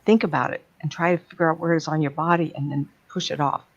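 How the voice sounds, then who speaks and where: A woman's voice: low voice, fairly even intonation, fast talker. A woman speaking as a psychic medium, giving a blunt, plain-spoken talk to an audience. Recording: dull lo-fi sound.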